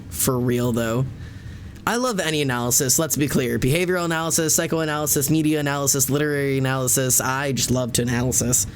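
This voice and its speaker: A man's voice: medium pitch, a little hiss or hum. A young adult man streaming live from home, chatting casually and rambling jokily with his viewers and his cats.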